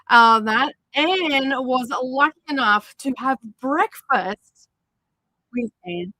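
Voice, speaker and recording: A woman's voice: fairly high pitch, animated, normal speed, vocal fry, bright, forceful tone, no room sound, rough recording. A woman hosting a crafting livestream, chatting casually and rambling with many fillers. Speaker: livestream host. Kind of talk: casual chat while crafting. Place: home craft studio.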